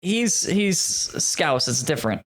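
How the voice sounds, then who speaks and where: A man's voice: fairly high pitch, big pitch swings, takes it slowly. Playful, hesitant male esports co-caster. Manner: playful, hesitant, full of fillers. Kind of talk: live esports commentary and banter.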